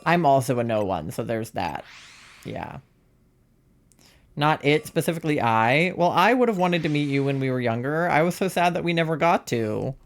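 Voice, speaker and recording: A young transmasc streamer in their twenties, chatting casually while gaming, rambling with lots of "like" and self-deprecating asides. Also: male voice, fairly high pitch, lively intonation, moderate pace.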